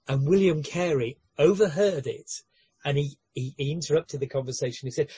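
A man's voice: medium pitch, normal speed, warm tone, husky, no room sound. A man preaching a sermon in an earnest way, with light humorous asides and frequent word repetitions and restarts.

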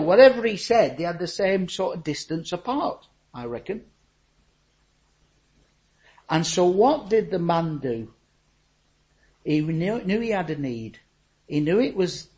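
Animated older preacher. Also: male voice, on the high side, poor audio. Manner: animated, swings from loud to hushed. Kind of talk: sermon with personal stories.

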